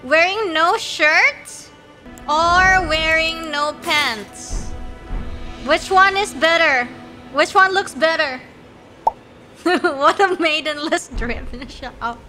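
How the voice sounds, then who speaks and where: A woman's voice: extremely high pitch, extremely slow, bright, forceful tone. A woman streaming a video game, chatting playfully and teasing, laughing often and breaking into sudden squeals. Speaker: virtual streamer. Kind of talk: casual gameplay commentary. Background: game music.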